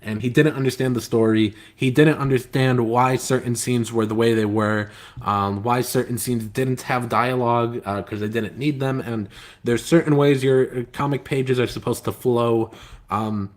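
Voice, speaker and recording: A man hosts a casual live stream, chatting loosely with viewers and reading their comments aloud. His talk is rambling and halting, full of filler words, with a steady aggrieved edge. His voice sits at an ordinary middle pitch. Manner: aggrieved, complaining. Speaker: comic book writer and live stream host.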